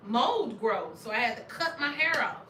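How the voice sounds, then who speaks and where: A middle-aged woman from Arkansas, hosting a casual chat, animated and laughing often with loud exclamations. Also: a little high, moderate pace, a little hiss or hum. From Arkansas, USA. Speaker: channel host. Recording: roomy sound, distant from mic.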